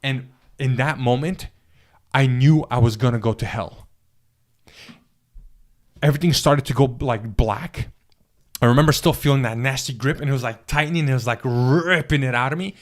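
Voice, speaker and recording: A man recounting a personal spiritual experience in an interview, speaking earnestly and haltingly, with frequent restarts and fillers. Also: medium pitch. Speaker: guest telling his testimony.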